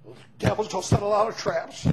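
A man preaching a revival sermon, folksy storytelling that bursts into shouts. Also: sits high, fast, low-quality recording.

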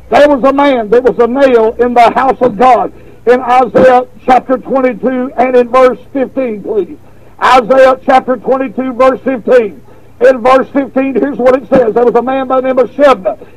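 A man preaching a revival sermon, telling a folksy story with repeated words, then stressing points with slow emphasis. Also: very high voice, fairly even intonation, rough recording.

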